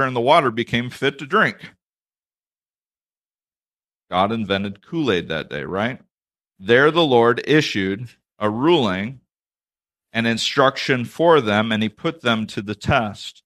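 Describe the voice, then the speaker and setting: A pastor with a medium-pitched, somewhat bright voice preaches a sermon, reading scripture aloud. He keeps breaking off into conversational, self-deprecating asides.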